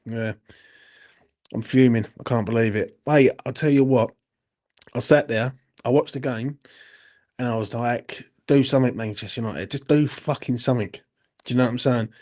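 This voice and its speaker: A man's voice: medium pitch, a little mellow. Man, young adult, fan-channel host, late-night stream rant, heavy swearing, blunt. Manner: ranting, swearing heavily, blunt and riled up. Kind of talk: late-night live-stream rant, reading viewer comments.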